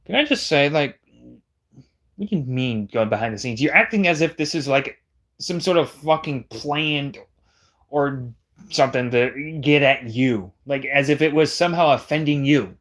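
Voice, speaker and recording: A man's voice: medium pitch, normal speed, fairly bright tone. A man delivering a heated, profane, combative callout rant on a livestream.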